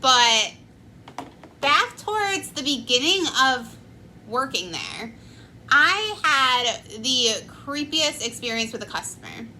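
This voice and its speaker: Woman in her 20s, casual storyteller, slow unhurried delivery. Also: high voice, sing-song, pushed and bright, a little hiss or hum, rough recording. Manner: chatty, many "like" fillers. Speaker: vlogger.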